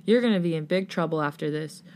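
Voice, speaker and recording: A woman reading a flustered young woman, breathy and whispered, between giggles. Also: deep voice, fast, a little mellow, a little hiss or hum.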